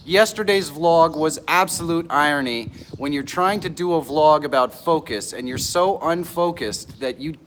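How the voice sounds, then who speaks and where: An excitable middle-aged man hosting a live stream from an outdoor pavilion, greeting viewers by name and laughing often, a bit nervous. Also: fairly high pitch, normal speed, few pauses, slight background noise. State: nervous and stressed.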